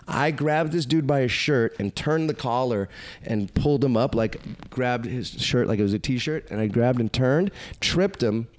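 Profane, animated male storyteller. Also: mid-range voice, moderate pace. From United States. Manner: animated, profane, acts out quoted voices. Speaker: podcast guest. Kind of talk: casual storytelling.

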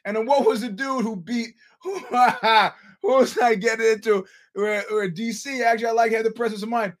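Animated, profane man talking fights. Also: sits high, normal speed, few pauses. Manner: animated storyteller, swears, acts out quotes. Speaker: podcast host. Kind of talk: casual fight-talk chat.

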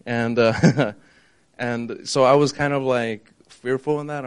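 A man with a smooth, clear voice at an ordinary pitch tells a personal story from his faith. He talks haltingly, restarting his sentences and filling the gaps with "like" and "uh" as he searches for words. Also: fairly even intonation. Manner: halting, many fillers and restarts. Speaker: congregation member sharing testimony. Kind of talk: casual personal testimony.

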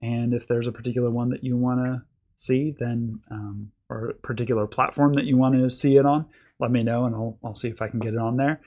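A man's voice: mid-range voice, a little fast, highs cut off. A man hosting a faith podcast with his wife, talking in an easy, casual way with frequent fillers. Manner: relaxed, many fillers and restarts. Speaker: podcast host and pastor. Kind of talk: casual chat.

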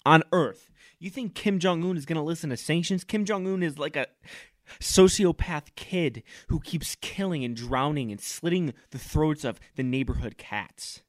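A man hosting a comedy podcast, delivering a loud, fired-up, mock-pompous rant. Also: on the high side, moderate pace, no room sound, studio quality. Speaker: podcast host. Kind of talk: comic ranting monologue.

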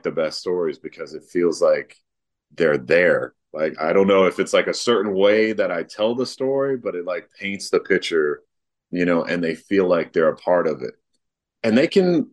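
A man talking casually in an interview, relaxed and rambling, with lots of fillers. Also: low voice. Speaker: guest, artist and father.

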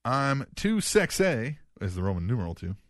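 A man's voice: mid-range voice, sing-song, moderate pace, no echo, studio quality. Male co-host reading wrestling news. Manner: reads news items aloud with mock gravity. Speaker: podcast co-host. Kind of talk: casual comedic podcast chat.

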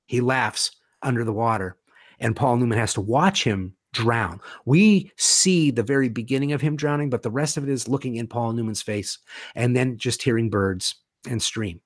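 Gravelly-voiced man retelling a film scene. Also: mid-range voice, dry recording, studio quality. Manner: retells film scenes vividly, quoting characters. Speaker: guest, horror author. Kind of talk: animated storytelling in a conversation.

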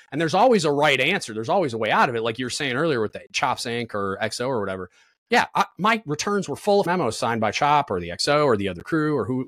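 This thirty-something man is a podcast guest with a mid-range, somewhat bright voice. His casual work stories come out blunt and profane, loaded with fillers, with no echo on the recording.

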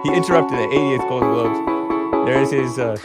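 A man's voice: medium pitch, normal speed, loud music behind the voice. A man hosting a talk show, giving sarcastic, chuckling commentary while reading out chat comments.

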